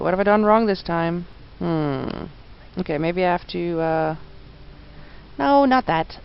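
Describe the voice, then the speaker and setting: A woman's voice: fairly low pitch, vocal fry, highs cut off, a little hiss or hum. A woman casually commentating a point-and-click game, reading the on-screen text aloud and reacting. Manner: reads game text aloud, mutters, then bursts into laughing outbursts. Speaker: game streamer. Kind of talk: casual let's-play commentary.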